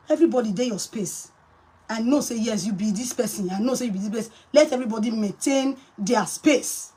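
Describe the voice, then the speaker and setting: A woman's voice: on the high side, fast talker, mellow, breathy edge, low-quality recording. A woman with a Nigerian accent talking on a phone live video, emphatic and repetitive, mixing Pidgin and English. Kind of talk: angry live-stream rant.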